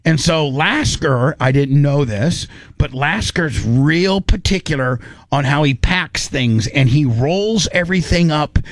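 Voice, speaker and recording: A man's voice: a little high, a little slow, dry recording, clean studio sound. A man casually telling a funny story, acting out the people in it and often laughing. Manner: animated, acts out voices, laughs often.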